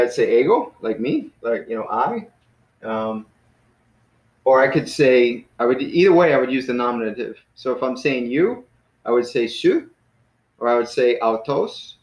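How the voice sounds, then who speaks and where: A man teaching a class in a relaxed, casual way, with many fillers and self-corrections. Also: medium pitch, unhurried, long pauses. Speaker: Greek teacher. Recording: roomy, dull lo-fi classroom recording.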